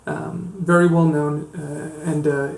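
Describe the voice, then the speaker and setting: Laid-back surgeon guy, gravelly voice, kinda high, echoey room, lots of ums. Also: flat delivery, takes it slowly, darkish tone. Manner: casual, lots of fillers, laid-back storytelling. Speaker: podcast co-host, foot and ankle surgeon. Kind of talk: casual conversational podcast chat.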